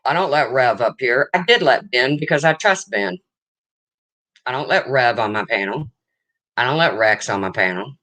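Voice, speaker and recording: Blunt, low-voiced older woman streamer. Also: lively intonation, normal speed, a bit bright, no room sound. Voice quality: low, husky-sounding voice, often mistaken for a man's. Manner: blunt, rambling, defensive. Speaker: livestream host. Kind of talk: casual livestream chat.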